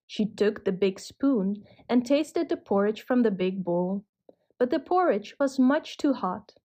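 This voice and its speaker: A woman narrating a children's cartoon story in a gentle, measured way. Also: a little high.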